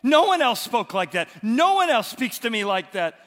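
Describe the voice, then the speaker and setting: A man playing an ecstatic woman in a sermon story. His voice climbs well above his normal speech and bursts out loudly. Long reverb from the hall follows. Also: very high-pitched, big pitch swings, normal speed, voice pushed up, full character voice. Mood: overjoyed. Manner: raised, ecstatic and emphatic. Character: grieving woman suddenly overjoyed, Mary.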